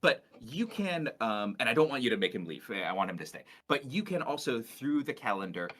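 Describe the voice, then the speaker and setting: Lively man explaining game features. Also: mid-range voice, fairly quick. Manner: explanatory, many fillers and hedges. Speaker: game developer presenting gameplay. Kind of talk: livestream gameplay explanation.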